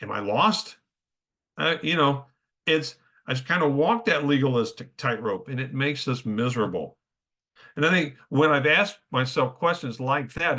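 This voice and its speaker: A man's voice: mid-range voice, animated, moderate pace, bright, forceful tone. A middle-aged man preaching a sermon in a conversational way, often checking in with his listeners. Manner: conversational, keeps checking in with "okay?".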